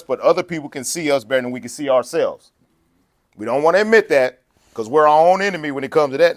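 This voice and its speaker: A man preaching a sermon in a lively, conversational way, acting out quotes and laughing along the way. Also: a little high.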